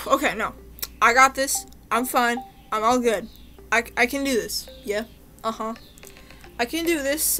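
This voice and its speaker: A woman's voice: fairly high pitch, sharp tone. A young woman hosting a let's-play, talking nervously and anxiously to herself as she plays. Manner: nervous, jittery, with frequent anxious exclamations. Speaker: gaming channel host.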